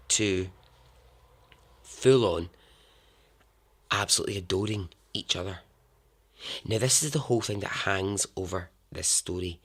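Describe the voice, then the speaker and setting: A man's voice: on the low side, normal speed, pauses often. A man hosting a storytelling podcast, narrating dramatically and chattily, giggling at his own asides. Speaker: podcast host.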